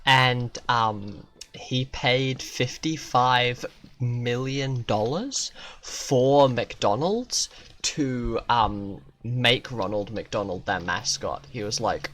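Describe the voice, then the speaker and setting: A man's voice: medium pitch, extremely slow, a bit bright. A man streaming a video game, rambling through absurd, profane jokes in live commentary.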